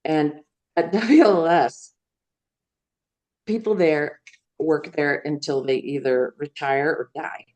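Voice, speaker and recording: A woman's voice: deep voice, slow pace, pauses often, darkish tone. A middle-aged woman from Iowa, a news executive, telling her career story in a rambling, casual way with fillers and laughs. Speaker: guest, veteran news executive. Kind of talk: casual interview chat.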